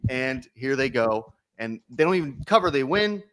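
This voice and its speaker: A man's voice: medium pitch, animated, normal speed, fairly bright tone. A man hosting a casual sports betting chat, easygoing as he runs the round-table. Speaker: host.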